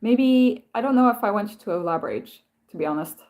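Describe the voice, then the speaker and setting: A woman hosts a casual live stream with a voice of ordinary pitch. She rambles through her stories, often stops and starts her sentences again, and turns to read and answer viewer comments. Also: expressive, quick pace, narrow, tinny audio. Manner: rambling, self-interrupting storytelling with many restarts.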